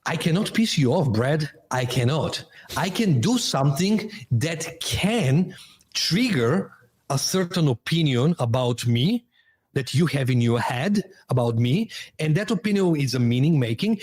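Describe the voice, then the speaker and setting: Husky-voiced man coaching with emphasis. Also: on the high side, animated, unhurried, darkish tone. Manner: emphatic, explains with metaphors, non-native phrasing. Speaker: guest, transformation coach. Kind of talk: podcast interview.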